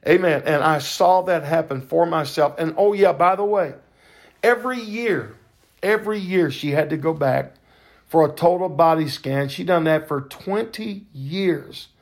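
An older man hosting a podcast, telling a faith testimony in a fervent, preacher-like way with drawn-out emphasis. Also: a little high. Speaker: podcast host.

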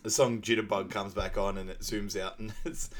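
Low-voiced man recapping a movie. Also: little pitch movement, normal speed, slight background noise. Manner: laughs at his own retellings, acts out quotes. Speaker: podcast co-host. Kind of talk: casual movie recap chat.

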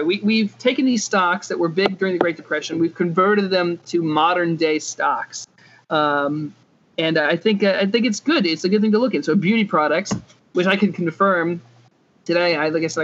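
A man with a notably high voice argues his side in a casual podcast chat, pressing his point again and again. The sound is dull and lo-fi. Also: normal speed, a bit bright, a little hiss or hum. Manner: insistent, argumentative. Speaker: podcast co-host.

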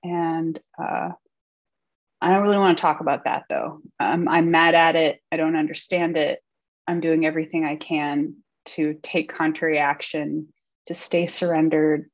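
A woman sharing candidly in a support-group meeting, speaking haltingly with many pauses. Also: deep voice, highs cut off.

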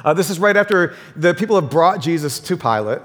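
A man preaching in a casual, conversational way, often tossing rhetorical questions to his listeners. His voice sits fairly high for a man. The sound trails off in the long reverb of a big hall. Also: expressive, a little fast, fairly bright tone. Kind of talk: sermon with scripture reading.

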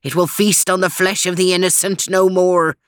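A woman's voice: lowish voice, level tone, moderate pace, smooth, no echo, lightly acted. A fierce dog speaks in solemn, dramatic tones, as a woman narrator voices him. It is a storybook reading, recorded dry and close.

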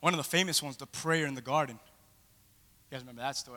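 A male pastor preaching a sermon in a playful, animated storytelling way, acting out the scenes he describes. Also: medium pitch, brisk, in a large hall.

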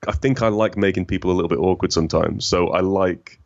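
Deep smooth-voiced guy, bit northern, rambles and restarts a lot, muffled audio. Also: fast talker. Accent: faint northern English. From northern England. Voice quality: rich, smooth voice. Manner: rambling, self-deprecating, many restarts. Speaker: guest. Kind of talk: casual conversation.

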